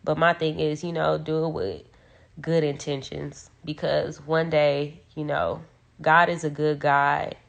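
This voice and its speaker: A young woman talks into her phone on a livestream from a dark room at home, and her voice is low and gravelly. She rambles and circles back with many fillers, and she sounds emotional throughout. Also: level tone, a little slow, lo-fi sound. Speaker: livestreamer speaking about her sister. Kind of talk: casual livestream talk.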